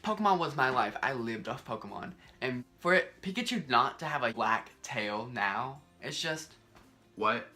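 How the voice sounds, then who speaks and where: Young male vlogger, bright tone, animated and exasperated, rambling, faint music under the voice. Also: medium pitch, normal speed. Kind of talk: casual vlog countdown.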